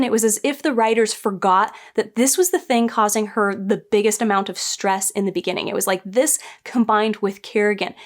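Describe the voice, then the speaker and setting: A woman giving a casual spoken review, chatty and animated, often acting out quoted lines with small laughs. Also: mid-range voice. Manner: frequent restarts and small laughs. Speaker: book and TV reviewer.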